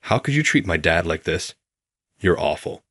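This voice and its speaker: A man voicing a shrill, spoiled, mean middle-aged woman who accuses and demands. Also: sing-song, normal speed, a bit bright, slightly rough, dry recording, clean studio sound, heavily acted. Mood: shrill accusing.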